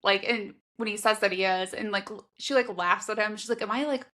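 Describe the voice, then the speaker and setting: A woman's voice: mid-range voice, fairly even intonation, a little fast, pushed and bright. A woman co-hosting a podcast who chats casually about a romance novel, with plenty of "like" fillers. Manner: chatty, lots of "like" fillers. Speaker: podcast co-host. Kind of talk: casual book discussion.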